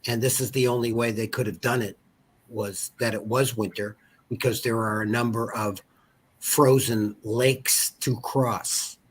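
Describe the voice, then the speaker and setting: Husky Boston man telling a story. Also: mid-range voice, steady tone, measured pace. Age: 50s. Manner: rambling, digressive history storytelling. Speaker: guest. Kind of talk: conversational storytelling.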